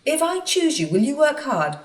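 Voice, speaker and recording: A woman voicing a stern, portly railway boss who is fussy but fair, speaking briskly and with authority. The recording sounds like an echoey room picked up from a distant mic. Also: high-pitched, sing-song, voice pushed up. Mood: kind. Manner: brisk and commanding.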